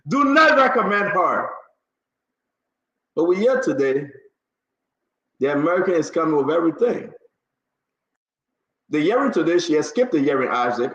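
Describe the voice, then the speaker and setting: Hosting a heated political talk show, a man fires off rhetorical questions, emphatically steering guests and moderating callers. His voice is high with a fairly bright tone, on very echoey, dull lo-fi audio.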